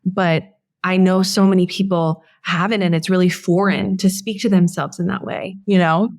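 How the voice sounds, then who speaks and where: A woman's voice: fairly low pitch, steady tone, normal speed, darkish tone, no room sound, clean studio sound. A woman hosting a podcast, talking in an earnest, heartfelt and reflective way. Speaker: podcast host. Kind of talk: casual conversation.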